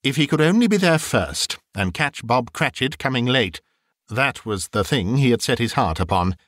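Male narrator, expressive storytelling, lively varied pitch, dry close sound. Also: moderate pace, no echo. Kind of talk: audiobook reading.

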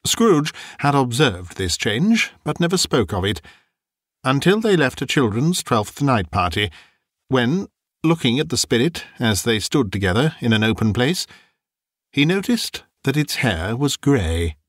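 A man narrating a classic story as an audiobook, in a measured, expressive way. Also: medium pitch, no echo, studio quality.

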